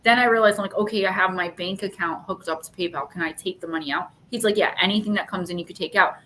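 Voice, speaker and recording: A woman's voice: fairly low pitch, quick pace, sharp tone, a little hiss or hum. A woman hosting a casual livestream, telling an annoyed story and acting out both sides of phone calls. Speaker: livestream host.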